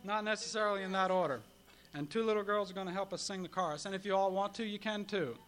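A man's voice: sits high, fast, fairly bright tone. A man performing folk songs live for an audience with children and chatting between songs. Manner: sings ballads and a children's sing-along, talks to kids between songs. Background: guitar accompaniment.

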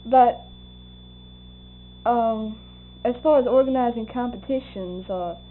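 Taking it slowly in a voice on the high side, the older woman recalls people for an oral history, laughing frequently and acting out their lines. The recording is tinny lo-fi tape carrying a faint hum.

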